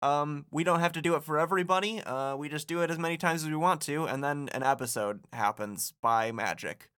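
A man's voice: on the high side, a little fast, a bit bright, smooth. A man narrating as game master of a tabletop role-playing game, laid-back, swearing and laughing easily.

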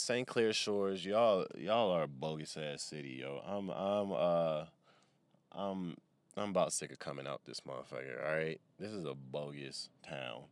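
This man's voice is extremely deep and creaky, recorded with no echo as he sits in his parked car. He talks loosely into the microphone, rambling and cracking jokes with plenty of profanity, much like a comedian riffing on a personal podcast.

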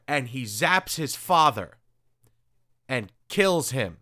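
A man's voice: mid-range voice, expressive, slow pace, bright, forceful tone, dry recording. Man, host, casual chat, sarcastic, crude asides, dry close sound. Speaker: podcast host reviewing comics.

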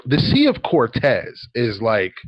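A man's voice: mid-range voice, huge pitch swings, slow, slightly rough, poor audio. A man chatting casually on a podcast, telling a story with lots of ums and likes. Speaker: podcast co-host. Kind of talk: casual chat.

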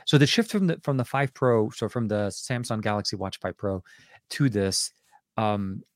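A man's voice: lowish voice, normal speed, no room sound, clean studio sound. A man hosting a casual tech podcast, rambling and correcting himself as he talks through his gadgets. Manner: rambling, self-correcting, excited asides. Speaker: podcast host.

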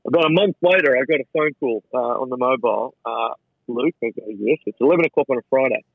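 A middle-aged Australian man, a chef and businessman, telling an animated, rambling story with many restarts in a casual interview. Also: medium pitch, fast talker, slightly rough, no room sound. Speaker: chef and entrepreneur guest. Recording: dry, phone-like radio sound.

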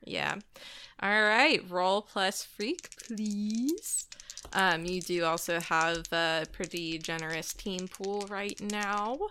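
A woman running a tabletop game as game master, calmly prompting the players with questions. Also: mid-range voice, takes it slowly, a little hiss or hum.

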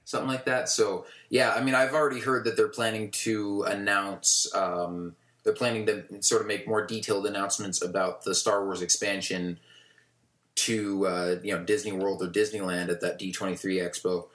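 A man co-hosts a fan podcast, talking casually and rambling with fillers. His voice sits very low. The room lends it a roomy echo. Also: flat delivery, moderate pace, fairly bright tone. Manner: rambling, many fillers and restarts. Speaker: podcast co-host.

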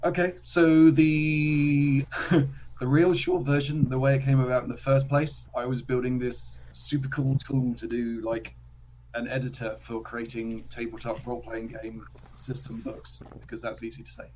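A man's voice: mid-range voice, little pitch movement, unhurried, darkish tone, slight background noise. A man from England with a Cambridge accent, a podcast guest chatting casually with dry, teasing humor. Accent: English, Cambridge. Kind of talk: casual interview chat.

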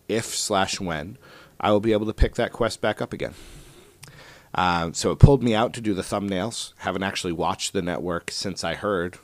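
A man with a lowish voice talks through his solo podcast in a loose, rambling way, full of ums and false starts. The sound is dry and close, with no room around it. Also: normal speed, no room sound. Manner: rambling, self-deprecating, many fillers. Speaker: podcast host. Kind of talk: casual solo podcast chat.

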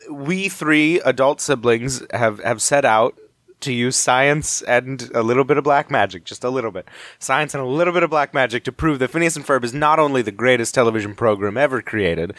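A young man hosts a podcast in loose, joking chatter, wandering off on tangents as he goes. His voice sits at an ordinary middle pitch. The sound is close and dry. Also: fairly bright tone, no room sound. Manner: rambling, jokey, quick tangents. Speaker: podcast host. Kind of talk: casual chat.

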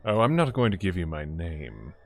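A sinister disembodied man, put on by a game master, murmurs slowly in a lowered, hushed voice. He sounds cold and dismissive of those he means to kill. Faint music plays behind him. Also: very animated. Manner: slow, low, quiet menacing delivery.

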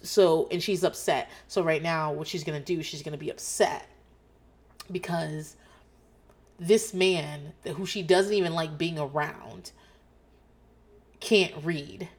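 Woman, middle-aged, podcast host, loose rambling chat, frequent swearing, slightly low voice. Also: fairly even intonation, slow, long pauses. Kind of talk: casual chat.

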